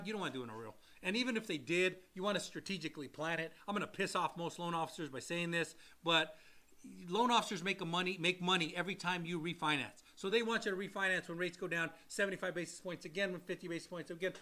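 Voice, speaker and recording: Man, co-host, loan podcast, high voice, bright tone, blunt, animated, casual swearing. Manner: animated, acts out quotes of buyers and sellers.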